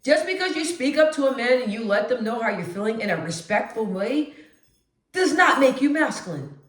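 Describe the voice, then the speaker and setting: A woman vlogging straight to camera, with a naturally deep voice she lifts a notch as she talks emphatically. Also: moderate pace, roomy sound. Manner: emphatic, animated, conversational. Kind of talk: direct-to-camera monologue.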